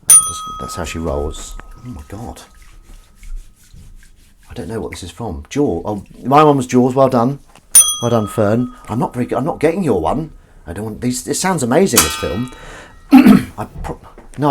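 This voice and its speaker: A man hosts a casual livestream from home, chatting with live chat viewers in a rambling, self-mocking way. His medium-pitched voice is sing-song at a moderate pace, and the recording is very noisy.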